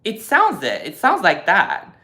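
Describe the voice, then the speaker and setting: A man in his twenties on a casual live stream, reading viewer comments and answering them in an animated, lecturing way with lots of fillers. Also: high voice, measured pace. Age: 20s.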